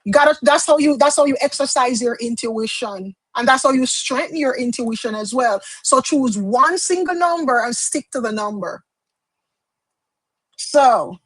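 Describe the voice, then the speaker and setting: A Jamaican tarot reader chats casually on a livestream, slipping into patois phrases and laughing often. Her voice is high, and the recording is rough but has no echo.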